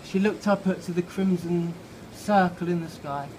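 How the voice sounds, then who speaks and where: A man's voice: high-pitched, a little mellow. Tipsy man telling a story outdoors. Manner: halting, playful, loose with restarts and swearing. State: slightly drunk. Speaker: author reading his own story. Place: outside a pub. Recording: noisy outdoor pub ambience.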